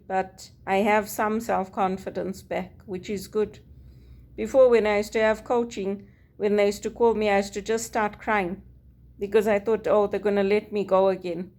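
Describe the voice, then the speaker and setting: A woman's voice: mid-range voice, fairly even intonation, normal speed, a little mellow. A woman from Zimbabwe, speaking in a personal monologue, earnest and weary as she recounts her experiences and quotes others. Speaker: vlogger.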